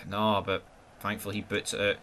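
A man with a Scottish accent giving live, foul-mouthed gameplay commentary, swinging between excited yelling and glum muttering. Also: lowish voice, normal speed. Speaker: gaming channel host.

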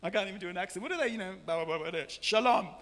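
High-voiced joking Australian preacher. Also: male voice, rapid-fire, heavy background noise. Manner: joking, animated, often shouting. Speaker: pastor. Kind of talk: lively preaching sermon. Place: large church hall. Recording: long church hall reverb.

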